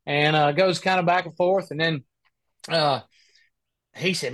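A man in the middle of an animated, chuckling anecdote, talking over a video call. The sound is dry and close, with no room echo. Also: fairly high pitch, normal speed, long pauses. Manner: animated, laughing storyteller. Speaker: guest, professional golfer. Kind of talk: casual storytelling chat.

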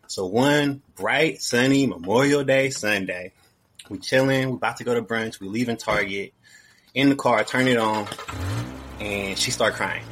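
A man's voice: mid-range voice, unhurried, fairly bright tone, a little hiss or hum. A young man telling a personal story in a casual, slangy way, often repeating his phrases.

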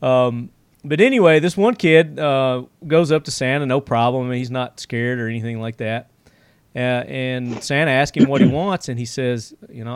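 A man's voice: mid-range voice, moderate pace, smooth, no room sound. A man hosting a casual podcast, telling stories in a rambling way with lots of fillers and frequent chuckles. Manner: rambling storyteller, many fillers, chuckles often. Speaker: podcast host.

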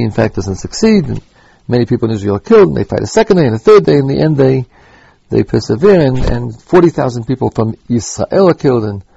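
A man teaching a Torah lesson, halting and repeating words as he thinks aloud, with Hebrew terms mixed in. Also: medium pitch, gravelly, dark tone, slightly rough, no echo, lo-fi sound. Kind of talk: spoken Torah lecture.

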